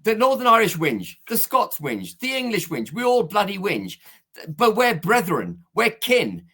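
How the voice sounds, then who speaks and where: A man's voice: high-pitched, wildly swooping pitch, measured pace, pushed and bright, slightly rough. A man arguing his case in a heated political discussion, emphatic and insistent, pressing on over interruptions. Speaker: political guest.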